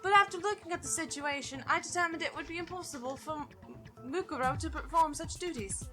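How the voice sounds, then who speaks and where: A woman's voice: very high voice, fast talker, bright, forceful tone, faint music behind. A woman voicing a haughty teenage girl mastermind who lectures like a teacher, condescending and theatrical. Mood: smug lecturing. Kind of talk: fan voice-acting over a game.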